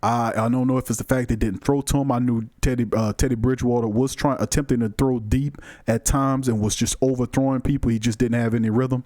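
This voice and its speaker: Animated New man hosting sports talk. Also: medium pitch, fairly quick, few pauses, no echo, studio quality. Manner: animated, emphatic, colloquial, talks to the chat. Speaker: sports talk show host. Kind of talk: live-streamed sports call-in show, reading chat.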